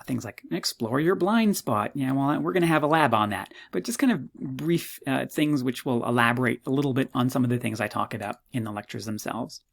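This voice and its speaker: A man teaching a university psychology course, walking students through his course website in a chatty, self-mocking way, full of jokey asides and sudden jumps in pitch. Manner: quick, animated delivery with sudden pitch jumps. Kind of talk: recorded course walkthrough lecture.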